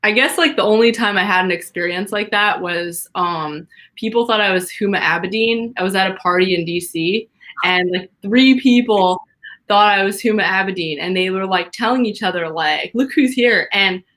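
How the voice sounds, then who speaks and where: Woman, livestream host, mid pitch, relaxed, reads viewer questions, lots of ums. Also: moderate pace. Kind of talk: casual livestream interview.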